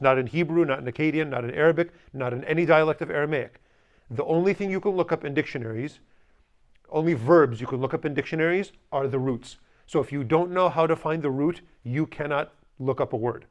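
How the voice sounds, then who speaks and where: A man's voice: a little high, fairly quick. A man teaching a language class, stressing points emphatically, drilling pronunciation with students and slipping in dry jokes. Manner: dry humorous asides.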